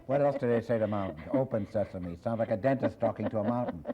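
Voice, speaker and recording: An older man, a comedian guest, chatting in an interview as a quick, wisecracking storyteller. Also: mid-range voice. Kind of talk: casual interview chat with joke-telling. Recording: dull lo-fi old TV recording.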